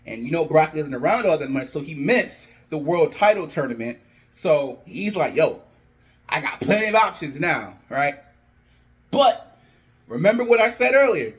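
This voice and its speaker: A man excitedly narrating his own wrestling storyline like a play-by-play caller, animated and sometimes shouting. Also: on the high side. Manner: animated, breathless, shouts at big moments. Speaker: wrestling fan booking storylines.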